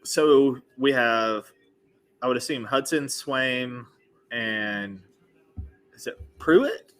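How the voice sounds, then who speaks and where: A man with a lively, swinging pitch and a bright, sharp tone talks football with a friend. He throws out questions and theories in a casual, animated way. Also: very slow, soft background music. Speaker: firefighter friend and co-watcher. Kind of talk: casual sports chat.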